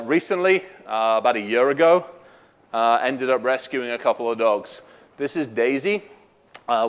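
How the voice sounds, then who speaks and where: A man's voice: mid-range voice, clear, resonant tone. Welsh guy doing a loose jokey conference talk, swears a lot, middle-aged. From Wales. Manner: irreverent, joking, swears freely. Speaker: conference speaker.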